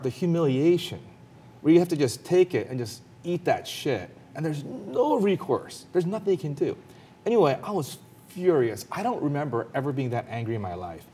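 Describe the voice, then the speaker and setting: Sharing a personal story during a panel talk, this male commentator grows intense quickly, speaking earnestly and with emphasis. His voice is on the high side, husky, with a darkish tone.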